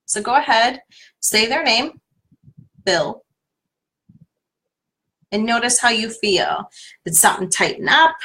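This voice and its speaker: Woman, tapping coach, encouraging step-by-step guidance, sharp bright tone, live stream. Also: a little high, expressive, moderate pace. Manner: encouraging, step-by-step instructions to viewers. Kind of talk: guiding a live tapping session. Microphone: livestream webcam.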